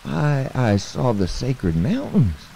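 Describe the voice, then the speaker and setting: A squeaky frightened little mouse. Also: male voice, sing-song, slow, gravelly, dark tone, slight background noise, full character voice. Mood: timid. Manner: squeaky, shrill and panicky. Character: small frightened young male mouse. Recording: long hall reverb.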